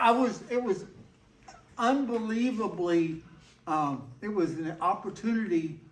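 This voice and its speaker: An older man from Texas, speaking with a Texan accent, tells a folksy story to a live audience in a laid-back, whimsical style, acting out the quoted dialogue. His voice is fairly high-pitched, with roomy hall echo and slight background noise.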